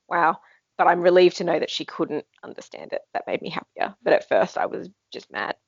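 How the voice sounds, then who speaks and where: A woman's voice: on the low side, normal speed, creaky, breathy edge, no room sound, lo-fi sound. A woman co-hosting a book-club podcast, expressively describing how she first read a scene. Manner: expressive and laughing while telling her reaction. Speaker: podcast co-host. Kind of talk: casual book-club chat.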